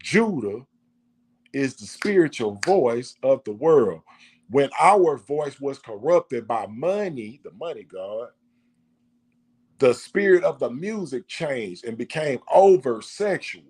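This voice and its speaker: A man's voice: mid-range voice, very animated, slow pace, darkish tone, slightly rough. A man delivering a preachy monologue, full of rhetorical questions and repetition. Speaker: vlogger.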